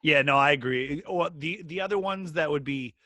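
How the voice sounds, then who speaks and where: A man co-hosting a podcast, telling stories in a halting, rambling way with lots of restarts. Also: on the high side, pushed and bright, dry recording. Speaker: podcast co-host. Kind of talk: casual comedic chat.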